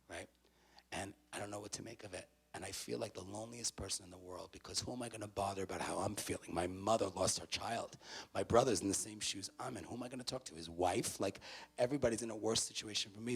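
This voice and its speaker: A man from the Bronx, giving an animated motivational talk to students in a university auditorium, swinging from hushed to loud. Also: lowish voice, gravelly, breathy edge. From the Bronx, New York. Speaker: motivational speaker.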